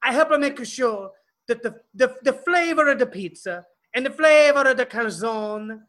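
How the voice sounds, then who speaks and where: A man doing a booming fake-Italian pizza man, all bluster and ham. The voice sits very high and bright, swooping wildly as he mangles his English. It is improv comedy played for laughs. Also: animated, normal speed. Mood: boisterous. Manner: boisterous, hammy, broken English. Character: over-the-top fake Italian man, pizzeria recipe keeper.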